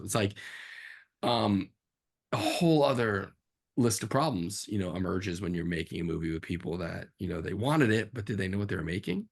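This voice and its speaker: A man, a film director as guest, telling stories from his career in a casual, animated interview. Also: deep voice, moderate pace. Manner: animated, acts out quotes in a raised voice.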